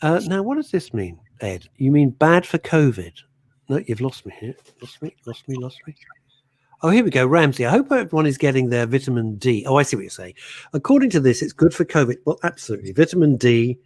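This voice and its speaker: Animated radio host with a husky voice. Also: male voice, medium pitch, brisk, no room sound. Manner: animated, theatrical, laughs often. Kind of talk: casual radio chat, reading listener messages.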